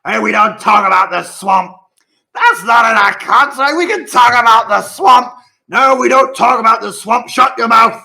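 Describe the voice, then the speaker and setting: A man voicing a pack of shrill, squabbling little male imps who shriek greedily and bicker with each other. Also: moderate pace, gravelly, bright, forceful tone, full character voice.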